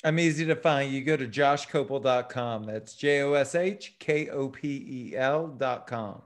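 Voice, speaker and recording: A man who owns restaurants, a guest on a casual interview over a video call, speaking in a brisk, straightforward way. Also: medium pitch.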